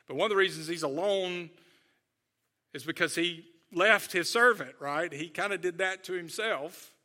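Earnest bright-voiced male preacher. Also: high-pitched, moderate pace. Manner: earnest, conversational, asks rhetorical "right?" and "okay?". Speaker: pastor. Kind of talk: sermon.

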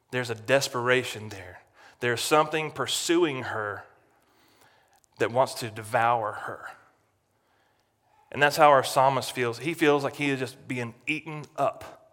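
A man preaching a sermon as pastor, dramatic, swinging from loud to near-hushed. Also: medium pitch, slow pace, long pauses, in a large hall.

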